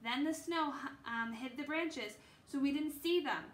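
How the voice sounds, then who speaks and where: A woman voicing a cautious, bookish young boy in a lowered, careful voice for a storybook read-aloud. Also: unhurried. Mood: alarmed. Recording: echoey room, faint background noise.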